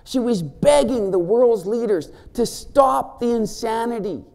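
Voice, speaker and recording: A man who is a First Nations chief gives a conference keynote unhurriedly in a very high, creaky voice. His delivery is spirited and playful, with regular questions directed at listeners.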